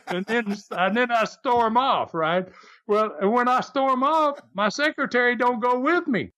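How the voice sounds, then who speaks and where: Animated older man telling stories. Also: sits high, moderate pace. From American South. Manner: animated, acts out shouted quotes. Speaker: podcast host telling wrestling stories. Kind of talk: storytelling chat.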